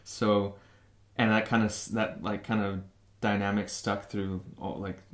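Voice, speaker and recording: A young man from San Francisco speaks in a fairly low voice as an interview guest. He talks casually and haltingly, filling gaps and restarting his sentences. The room around him sounds echoey. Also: flat delivery. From San Francisco, USA. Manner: halting, many fillers and restarts.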